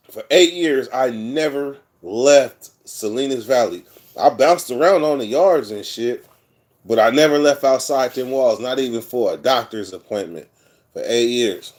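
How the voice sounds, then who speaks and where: A man's voice: mid-range voice, a little slow, a little mellow. Profane, rambling man. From California. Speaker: vlogger telling prison stories. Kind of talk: casual storytelling monologue.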